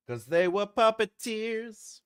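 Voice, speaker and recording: A man's voice: high-pitched, smooth, no echo, clean studio sound. A male writing channel host in casual, playful livestream chat, laughing often and trying out cartoon voices.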